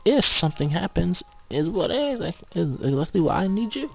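A man's voice: high-pitched, very animated, moderate pace, gravelly, faint music behind, voice pushed up, heavily acted. A man reading as an earnest young princess. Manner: reading game text aloud in a raised voice.

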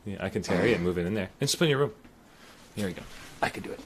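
A man's voice: sits low, lively intonation, very fast, a little hiss or hum. A man hosting a casual livestream from indoors in an apartment, chatting in a rambling way and thanking viewers. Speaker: streamer host.

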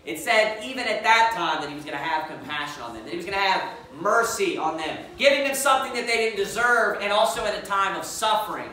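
A man preaches in a sharp, bright voice, hammering home each point and slowing for scripture. His voice carries through a big reverberant church from some distance away, with a faint background hum. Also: high voice. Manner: emphatic, repeats points and verse references; reads scripture aloud slowly. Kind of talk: sermon. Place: church sanctuary. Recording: echoey church room, mic at a distance.

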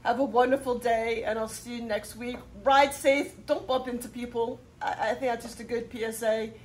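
A woman's voice: on the high side, fairly even intonation, moderate pace, darkish tone, a little hiss or hum. A woman hosting a motorcycle repair channel, giving upbeat, chatty step-by-step instructions. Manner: upbeat and chatty, cheering when parts fit. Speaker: host of a motorcycle how-to channel. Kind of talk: casual how-to instruction.

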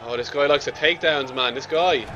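The recording is muffled, with a crowd and other noise in the background. A young man speaks fairly quickly at medium pitch, casually commentating his own match, swearing brashly, jeering at his opponent, and yelling when he loses.

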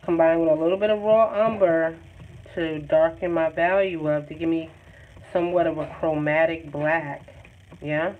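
A woman's voice: low voice, fairly even intonation, normal speed. A woman giving a live painting lesson in a chatty, encouraging and informal way. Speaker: art tutor. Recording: tinny phone-like sound, faint noise.

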